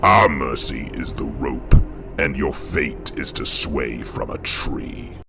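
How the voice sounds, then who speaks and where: A man voicing a brutal, menacing superhuman warrior who speaks in a low growl. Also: slow, over music, full character voice.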